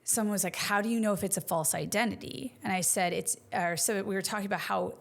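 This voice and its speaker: Woman, co-host, thoughtful and casual, mid pitch, thinks aloud. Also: fairly even intonation, fast talker, vocal fry. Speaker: podcast co-host. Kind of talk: faith-based casual conversation.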